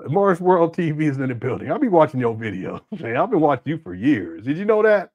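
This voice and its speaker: A man's voice: on the high side, big pitch swings, quick pace, darkish tone, lo-fi sound. A man hosting casual livestream commentary, rambling with many restarts and fillers and breaking into laughing banter with viewers. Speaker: host.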